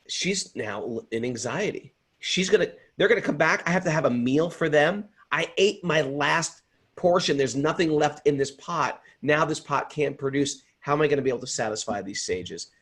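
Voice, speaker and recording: A man hosting a spiritual talk, telling a story in an animated, earnest way. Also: mid-range voice, normal speed. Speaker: host. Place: home in upstate New York.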